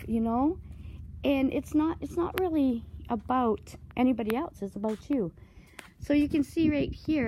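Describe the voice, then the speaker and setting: A woman giving a walking vlog tour, talking in a slow, earnest, spiritual way and getting choked up at times. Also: on the high side, dark tone, slight background noise, rough recording. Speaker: vlogger touring a site. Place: outdoor art site with walk-through rooms.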